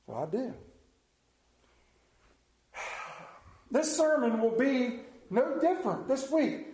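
A pastor giving a sermon, talking candidly in a folksy storytelling way, recorded in a church. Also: male voice, sits high, expressive, measured pace, long pauses, a little mellow, roomy sound.

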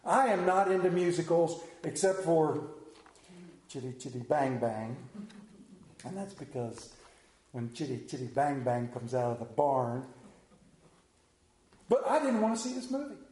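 Mellow-voiced preacher in an echoey room. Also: male voice, a little high, measured pace, long pauses. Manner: animated storytelling, drops to a hushed voice for emphasis. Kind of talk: sermon with storytelling.

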